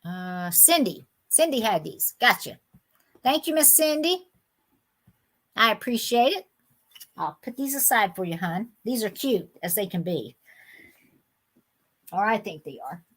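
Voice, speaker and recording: A woman's voice: mid-range voice, sing-song, a little slow, pauses often, fairly bright tone. Woman, middle-aged, live-stream host, chatty, indignant, casual. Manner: chatty, indignant, talks straight to viewers by name.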